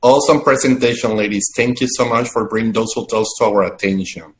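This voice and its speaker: A man's voice: on the low side, a little fast. A man hosting a live video-call webinar, talking with effusive enthusiasm and frequent restarts. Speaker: webinar host.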